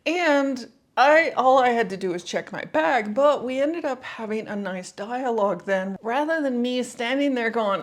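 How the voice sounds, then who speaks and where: A woman's voice: fairly high pitch, animated, moderate pace, hardly any pauses. A woman life coach talking to camera in a casual, reflective vlog, telling a personal story in a conversational way with lots of "like" and "you know".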